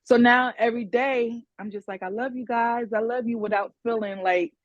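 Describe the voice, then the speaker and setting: A woman's voice: on the high side, fairly even intonation, normal speed, no room sound. Candid woman in a dry, lo-fi podcast. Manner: candid, hesitant, quotes conversations. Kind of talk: casual discussion.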